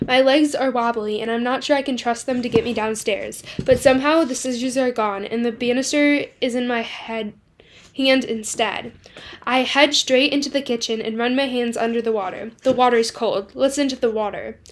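A woman's voice: a little high, fairly even intonation, normal speed. Woman reading a novel aloud. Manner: first-person reading with small slips. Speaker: book club host.

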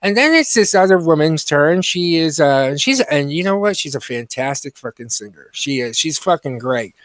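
Podcast co-host, male, high voice, profane animated storyteller, dry booth. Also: normal speed, dry recording.

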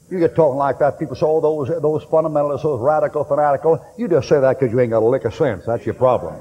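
Folksy shouting preacher in an echoing hall. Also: male voice, medium pitch, fast, hardly any pauses. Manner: folksy, blunt and joking, with sudden shouts. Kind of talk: fiery sermon. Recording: dull old recording with long hall echo and faint hiss.

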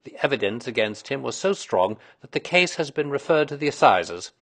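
Male reader doing a sharp-minded Victorian sleuth, emphatic and lively. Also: mid-range voice, moderate pace, pitched above the performer's own voice. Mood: assured. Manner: precise, lecturing, emphatic. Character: brilliant, self-assured Victorian male detective.

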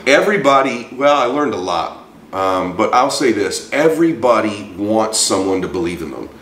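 A man in his forties, a guest in an interview, telling a personal story with lively acted-out voices for the people in it. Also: lowish voice, normal speed, far from the mic, a little hiss or hum. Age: 40s. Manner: animated storyteller acting out quoted voices. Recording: roomy, from off-mic.

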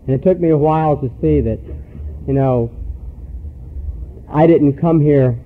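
A man giving a personal recovery talk to a meeting, telling stories earnestly with pauses. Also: medium pitch. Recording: tinny phone-like recording.

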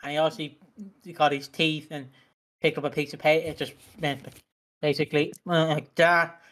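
A man with a high voice telling rambling stories in a loose podcast chat. He is full of fillers and restarts and breaks into giggles often. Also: little pitch movement, a little fast, a bit bright. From Britain. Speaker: podcast co-host. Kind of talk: casual chat.

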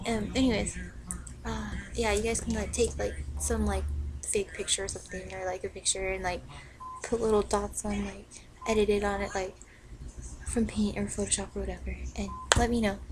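Woman vlogger, hyper, rambling, filler-heavy rant, mid pitch, noisy home recording. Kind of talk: casual rant to viewers.

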